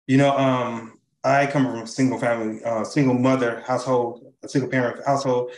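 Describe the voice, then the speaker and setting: A man's voice: mid-range voice, fairly quick, slight background noise. Enthusiastic man on a roomy video call. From Chicago. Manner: animated, enthusiastic, frequent fillers and "right?". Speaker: charity CEO and co-founder, guest. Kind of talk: remote interview over video call.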